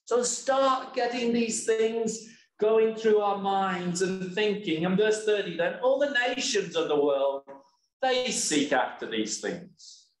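A man preaching a sermon in a church, slow and emphatic, often asking rhetorical questions. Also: high-pitched, animated. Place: church hall. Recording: echoey church hall.

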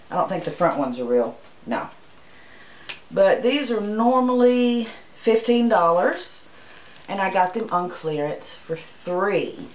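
A woman's voice: on the low side, reverberant, slight background noise, rough recording. A woman, from Arkansas, chatting casually and homily as she shows her shopping haul to the camera. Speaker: channel host.

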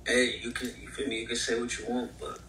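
A man's voice: medium pitch, flat delivery, fast, pushed and bright, a little hiss or hum. A man from New York on a live-stream call, talking in laid-back, evasive slang. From New York, USA. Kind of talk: casual video-call chat. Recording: roomy echo.

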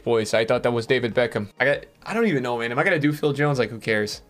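A male streamer giving live-stream commentary to his chat, excitable and swinging between hype and letdown with plenty of fillers. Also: medium pitch, quick pace, hardly any pauses, soft background music. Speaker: streamer opening game packs.

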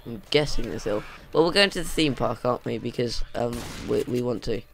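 A man narrating a let's play, excitable and panicky, with self-mocking jokes, on a desk condenser mic at home. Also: medium pitch, fairly quick, creaky, slight background noise. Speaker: gaming video host.

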